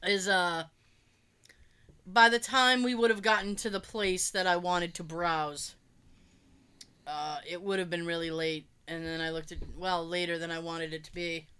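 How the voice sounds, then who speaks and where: A woman's voice: on the low side, steady tone, measured pace, bright, forceful tone, clean tone. A woman co-hosting a podcast, telling everyday stories in casual chat, with an occasional cough. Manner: chatty storyteller, acts out quoted voices. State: coughing now and then. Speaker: podcast co-host.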